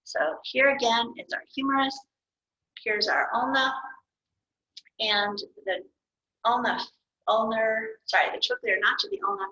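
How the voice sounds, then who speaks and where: Woman anatomy teacher, bright, slightly high voice, self-correcting, muffled lo-fi recording. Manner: patient, thinking aloud, corrects herself. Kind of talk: explaining anatomy while drawing. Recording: dull lo-fi recording.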